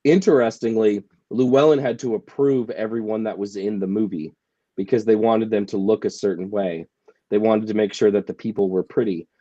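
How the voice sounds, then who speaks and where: Wry, low-voiced man explaining things. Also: steady tone, normal speed, warm tone, no echo, highs cut off. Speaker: author and panel regular. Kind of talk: casual panel chat.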